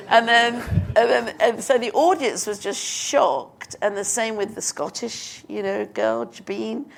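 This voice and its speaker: A woman in her fifties from Britain, a film director telling animated anecdotes onstage in a live interview, acting out quotes and laughing. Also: mid-range voice, measured pace, gravelly. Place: live stage before an audience.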